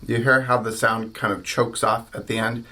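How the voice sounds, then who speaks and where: A man's voice: mid-range voice, level tone, normal speed, pushed and bright, soft background music. American man teaching trumpet articulation. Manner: demonstrates syllables aloud, clear explanatory tone. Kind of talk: instructional video lesson.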